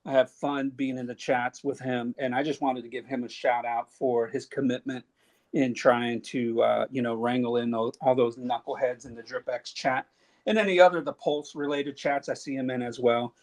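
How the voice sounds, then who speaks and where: A man's voice: medium pitch, steady tone, normal speed. Easygoing, slangy man on a panel. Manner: easygoing, laughs often, slangy. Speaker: co-host. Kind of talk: casual panel chat.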